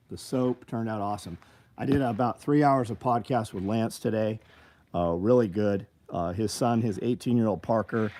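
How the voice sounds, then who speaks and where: A man's voice: lowish voice, warm tone. Blunt, profane man on a livestream. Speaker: livestream host. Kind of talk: casual livestream chat reading viewer comments.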